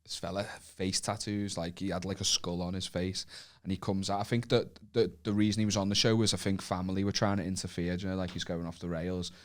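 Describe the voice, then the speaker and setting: Low-voiced northern English man, halting chat. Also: flat delivery. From northern England. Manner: halting restarts, dry storytelling, swears. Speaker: podcast co-host. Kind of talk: casual chat.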